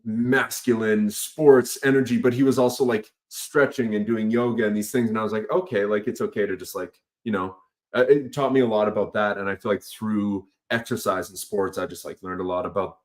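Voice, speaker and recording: Young man with a deep, easygoing voice. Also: fairly even intonation, a little fast. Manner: easygoing, hesitant, many fillers and laughs. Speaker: podcast guest. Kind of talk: casual chat.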